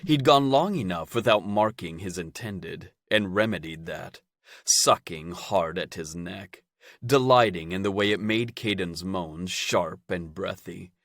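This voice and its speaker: Man, audiobook narrator, very deep voice, unhurried, steady romance narration. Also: no echo, studio quality.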